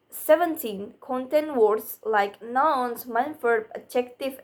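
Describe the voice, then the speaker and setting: A young woman, giving a class presentation on phonetics and reading slowly with restarts and fillers. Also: on the high side. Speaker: student presenter.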